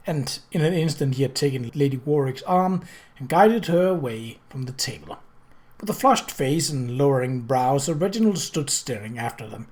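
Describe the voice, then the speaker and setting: Woman reading a period mystery chapter, steady and measured. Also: very deep voice. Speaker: audiobook reader. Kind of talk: storybook narration.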